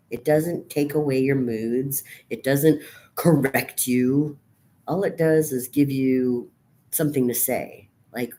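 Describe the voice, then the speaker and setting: Low-voiced woman on a profane rant. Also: a little slow. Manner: raw, profane, venting rant; swings from quiet and low to loud outbursts. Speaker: vlogger. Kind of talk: personal monologue to camera.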